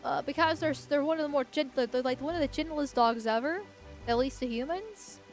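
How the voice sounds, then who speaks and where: A woman streamer talking over her gameplay, rambling and crude, dropping swear words freely. Her voice sits high, with faint music running underneath. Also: a little fast. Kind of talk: gameplay commentary.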